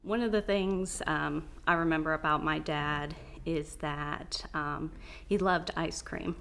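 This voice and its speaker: Woman, lowish pitch, amused daughter memories, faint background hiss. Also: steady tone, slow pace, creaky, fairly bright tone. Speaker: daughter recalling her father. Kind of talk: documentary interview remembrance.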